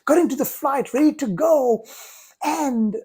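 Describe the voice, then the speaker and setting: A woman giving a motivational talk, speaking in deliberate, emphatic, drawn-out phrases. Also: high voice, dark tone.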